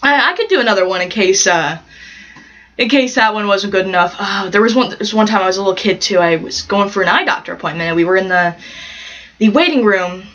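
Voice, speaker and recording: A woman's voice: medium pitch, animated, quick pace, fairly bright tone, lo-fi sound. A woman from the United States telling childhood stories to camera in a vlog, laughing often and acting out the voices of people in them. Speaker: vlogger. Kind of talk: casual storytelling to camera.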